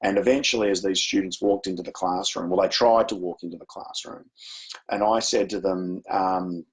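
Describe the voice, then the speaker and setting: A man's voice: deep voice, steady tone, moderate pace, low-quality recording. A man presenting a webinar, telling a classroom story in a chatty way with many fillers. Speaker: education presenter.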